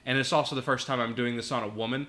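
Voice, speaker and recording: A man, a podcast guest, telling a casual anecdote with animated delivery, acting out voices and laughing often. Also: medium pitch, rapid-fire. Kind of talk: casual storytelling.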